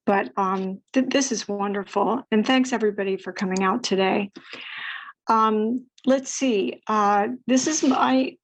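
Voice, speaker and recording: A woman poet on a video call, introducing her poems in a relaxed, unhurried way with frequent fillers. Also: medium pitch, rough recording. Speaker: poet giving a reading.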